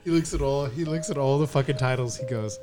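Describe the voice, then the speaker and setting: A man's voice: medium pitch, fast talker, music in the background. A man co-hosting a podcast, telling a story in casual chat, swearing freely, laughing and acting out what others said. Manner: profane, laughing, acts out quotes. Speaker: podcast co-host.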